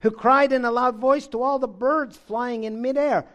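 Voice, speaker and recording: A man preaching a sermon, reading scripture aloud and swinging between loud exclamations and low, intense stretches. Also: steady tone, moderate pace, highs cut off.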